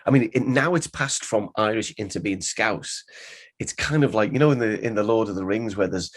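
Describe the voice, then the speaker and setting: A man's voice: fairly low pitch, normal speed. A man talking casually, rambling and searching for his words. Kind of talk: casual interview talk.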